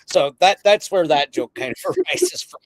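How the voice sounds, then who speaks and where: Chatty excitable guy hosting, kinda high voice, rambles and giggles, dry close mic. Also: moderate pace, dry recording. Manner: excitable, rambling, laughs often. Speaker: podcast host. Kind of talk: casual chat.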